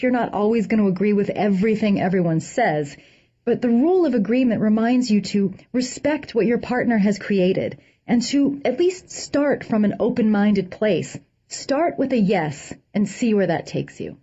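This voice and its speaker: Woman reading a funny essay out loud, mellow husky voice, dull lo-fi sound. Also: medium pitch. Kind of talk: reading a humorous essay aloud. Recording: dull lo-fi recording.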